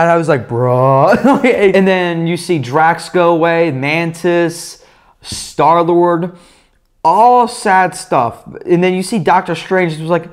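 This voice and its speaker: A young man giving a casual, rambling movie review, excitable and swearing, with lots of fillers. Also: fairly high pitch, slow pace.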